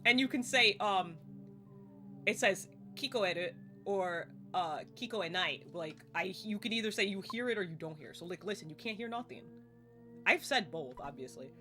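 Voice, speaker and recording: Bright-voiced chatty woman streamer. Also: medium pitch, moderate pace. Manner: chatty, excitable, swears casually, laughs often. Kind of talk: live gameplay commentary. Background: faint game music.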